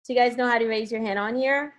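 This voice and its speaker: A woman teaches an online class from home on a video call, her voice sitting a bit high. She talks through each step and keeps coaxing her students to answer in the chat. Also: steady tone, fast talker. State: has a headache.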